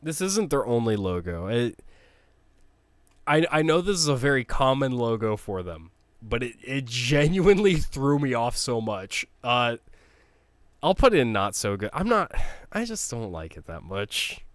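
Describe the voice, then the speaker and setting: Blunt ranting man, smooth dry voice. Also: mid-range voice, very animated, measured pace, no room sound. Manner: blunt, ranting, swears, frequent restarts. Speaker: sports logo ranker. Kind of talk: casual opinionated commentary.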